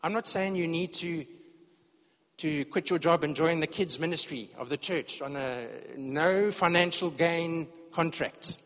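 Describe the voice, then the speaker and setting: An earnest male preacher delivers a sermon to his congregation, sometimes stumbling over and repeating words as he feels his way forward. His voice sits a little high for a man. The recording is dull and lo-fi, with a long reverb trailing off the walls of the church hall. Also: unhurried, a bit bright. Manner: earnest, repeats words when searching for phrasing.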